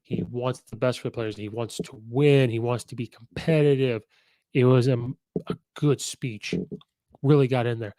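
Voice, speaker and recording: Male sports-talk host, mid-pitched, opinionated, dry close sound. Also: fairly even intonation, moderate pace, mellow, no room sound, rough recording. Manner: chatty, opinionated, acts out quotes. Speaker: host and football commentator. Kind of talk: casual sports commentary.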